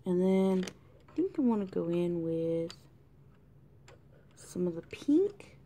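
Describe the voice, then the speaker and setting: Lady with a warm mellow voice chatting thru her pencil drawing, kinda whispery now and then. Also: lowish voice, big pitch swings, slow, pauses often. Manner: chatty, thinks aloud, drifts into soft whispers. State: has the hiccups. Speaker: art tutorial host. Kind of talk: casual drawing tutorial narration. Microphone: camera mic close to the desk.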